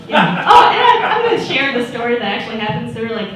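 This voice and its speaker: A woman in her twenties does a stand-up comedy set, telling stories in a chatty way and acting out the voices of the people in them. Her voice is a little high and sing-song, and she speaks slowly with long pauses. Crowd noise fills the echoey room, and the mic is at a distance.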